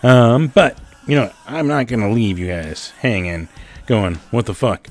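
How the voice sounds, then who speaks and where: A man hosting a casual show about local music, excited, swearing often and laughing between thoughts. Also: medium pitch, unhurried. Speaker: host. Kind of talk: casual podcast chat. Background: music underneath.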